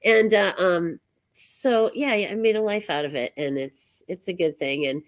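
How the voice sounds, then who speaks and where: Lady host rambling her sign-off, slow and kinda low, lots of ums and giggles. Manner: halting, many fillers, laughs often. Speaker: show host. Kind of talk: casual live-stream sign-off chat.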